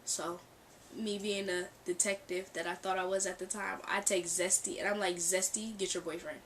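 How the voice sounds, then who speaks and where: A woman's voice: lowish voice, moderate pace, far from the mic, slight background noise. Young woman telling a story, set back from the mic. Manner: animated, acts out quoted dialogue, laughs often. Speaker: storytime vlogger. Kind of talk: casual storytelling. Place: bedroom near a street. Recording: mic set back, faint background ambience. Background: cars passing outside.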